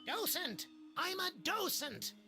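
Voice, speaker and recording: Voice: very high-pitched, very animated, slow pace, sharp tone, faint music behind, heavily acted. A performer voicing a serene, preachy docent of a new-age cult in a video game. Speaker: game character.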